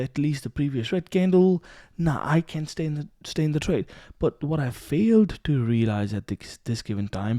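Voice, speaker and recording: A man walking through a day-trading loss on screen, candid and animated, swearing casually and acting out his own thoughts. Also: on the high side, dry recording. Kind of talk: screen-recorded trade review.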